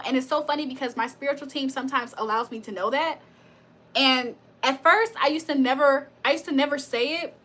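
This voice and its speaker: A woman's voice: high-pitched, fairly bright tone. A woman hosting a tarot livestream, telling stories in a casual, chatty way, laughing often and swearing freely. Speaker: tarot reader and livestream host. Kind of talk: casual livestream storytelling and chat.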